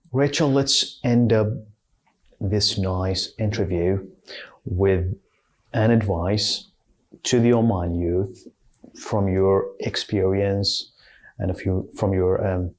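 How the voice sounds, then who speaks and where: A man with a very low voice hosts an interview, feeling his way through each question with pauses and repeated words. His delivery is unhurried and searching. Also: steady tone. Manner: hesitant, many restarts and fillers. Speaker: interview host.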